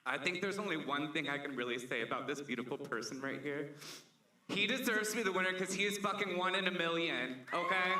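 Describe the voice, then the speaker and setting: Man drag pageant coach, high voice, cheeky and profane, echoey room with clear noise behind, heard from a distance. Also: lively intonation, fairly quick. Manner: cheeky, profane, fiercely proud. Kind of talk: onstage interview answers. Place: bar or club stage with a crowd.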